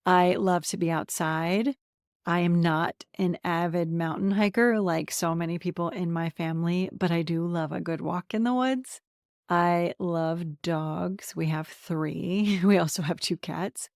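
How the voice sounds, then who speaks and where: A woman's voice: lowish voice, fairly even intonation, unhurried, no room sound, studio quality. A woman in her forties from central Pennsylvania talking candidly and with self-deprecating humor in a podcast monologue. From central Pennsylvania, USA. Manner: warm, candid, self-deprecating, chatty lists. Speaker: podcast host and coach. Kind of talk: personal monologue to camera.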